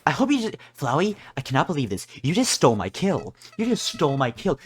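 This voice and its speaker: A man's voice: a little high, huge pitch swings, fairly quick, few pauses. A man giving casual, joking let's play commentary over a video game, rambling and self-mocking. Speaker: gaming video creator.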